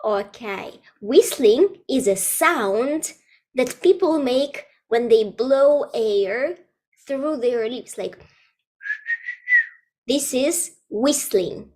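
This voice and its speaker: A woman's voice: on the high side, animated, drawn-out words, a little mellow. A woman in her twenties teaching an online English lesson for children, explaining simple words in a playful way and laughing often. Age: 20s.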